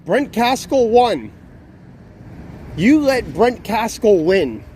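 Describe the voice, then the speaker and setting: Young guy streaming outside, swearing and ranting over and over, high voice that swings all over. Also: sing-song, slow pace, darkish tone, a little hiss or hum. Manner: profane, exasperated, repetitive ranting. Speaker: live streamer. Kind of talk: casual live stream talk.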